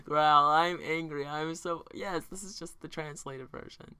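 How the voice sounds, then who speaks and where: A young man hosting a fan video, giving a mock-dramatic reading of a bad fanfic in a deadpan voice and laughing at the absurd parts. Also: fairly high pitch, a little slow, smooth, dry recording.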